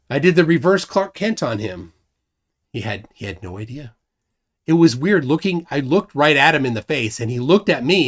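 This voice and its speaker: A man's voice: medium pitch, big pitch swings, normal speed. A middle-aged man hosting a casual live stream, joking and rambling with self-deprecating asides.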